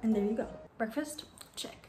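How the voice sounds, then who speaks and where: A woman's voice: fairly high pitch, normal speed, echoey room, over loud music. A woman in her twenties with a Hong Kong accent, chatting playfully as a vlogger and switching between English and Cantonese. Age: 20s. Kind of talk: casual vlog talk.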